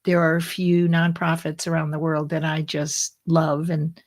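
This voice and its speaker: Slow-talking woman hosting a live stream. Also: deep voice, completely flat delivery. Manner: warm, chatty, greets viewers by name; laughs at herself, corrects slips. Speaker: host of a live online study group. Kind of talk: casual live-stream greeting.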